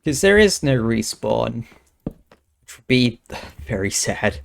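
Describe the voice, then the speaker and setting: Young male streamer, relaxed slow pace, mid-range voice, casual muttering commentary. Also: mid-range voice, gravelly, slight background noise. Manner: thinking aloud, muttering counts under his breath.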